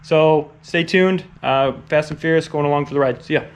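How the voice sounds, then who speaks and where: A man's voice: fairly high pitch, moderate pace, lo-fi sound. A man casually narrating his truck build in a garage, rambling with lots of fillers and upbeat asides. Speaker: car build vlogger.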